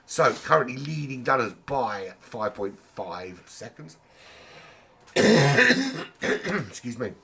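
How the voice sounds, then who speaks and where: A man's voice: mid-range voice, very animated, slow, creaky, long pauses, pushed and bright, a little hiss or hum. A man with a sore throat giving rambling, jokey, casually sweary live commentary on an online racing league. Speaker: race commentator.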